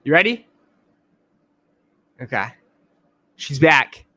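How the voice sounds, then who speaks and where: A man's voice: a little high, sing-song, slow pace, bright, forceful tone, dry recording. A man hosting a casual livestream chat, joking around and often repeating himself. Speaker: host.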